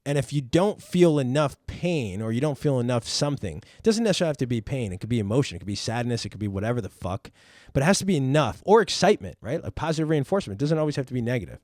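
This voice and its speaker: A man's voice: mid-range voice, big pitch swings, very fast, a little mellow, no room sound, clean studio sound. A man, a parent and podcast host, tells a personal story in casual chat, rambling, repeating words and swearing freely.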